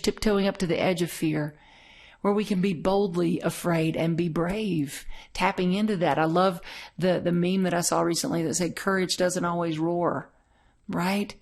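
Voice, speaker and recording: A woman's voice: fairly low pitch, a little mellow. A middle-aged woman minister giving a conversational, story-filled sermon. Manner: conversational, storytelling, laughs often.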